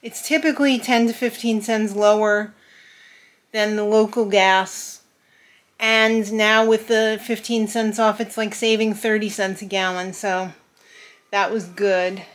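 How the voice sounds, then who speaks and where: A young adult woman giving a casual, chatty vlog update, upbeat and quick to laugh. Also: mid-range voice, fairly even intonation. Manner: chatty, upbeat, laughs often, many fillers and restarts. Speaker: vlogger host.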